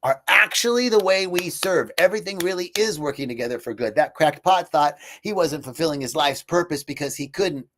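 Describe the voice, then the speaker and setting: A man hosting an inspirational live talk, telling stories in an animated way and laughing easily. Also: fairly high pitch, a little fast, hardly any pauses. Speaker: host.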